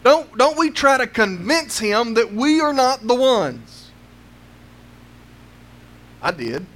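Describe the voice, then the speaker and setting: A man with a strikingly high voice preaches a sermon. He pushes his congregation with question after question and doubles back on his words as he builds each point. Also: big pitch swings, takes it slowly, a bit bright. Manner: pleading rhetorical questions, repeats words as he builds.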